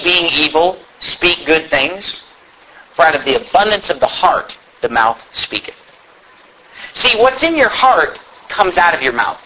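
A man's voice: on the high side, pushed and bright. A male pastor preaching a sermon, emphatic and full of rhetorical questions. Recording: dull lo-fi with faint noise.

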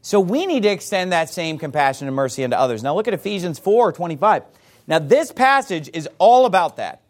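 High, animated male preacher. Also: a little fast. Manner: forceful, emphatic preaching with rhetorical questions. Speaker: pastor. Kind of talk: sermon.

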